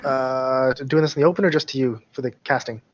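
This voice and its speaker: A man playing in an online tabletop game, easygoing and quick to laugh. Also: mid-range voice, steady tone. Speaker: player. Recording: dull, lo-fi voice chat.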